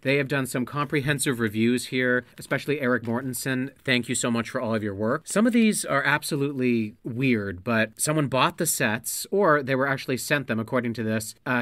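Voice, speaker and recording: A man chatting through a card game on a podcast, reading odd card names aloud with amused disbelief. His voice sits at an ordinary middle pitch and sounds close and dry, with little room sound. The talk is loose and joking. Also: brisk, hardly any pauses, a bit bright, no room sound. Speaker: podcast co-host. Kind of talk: casual chat while playing a card game. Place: living room blanket fort.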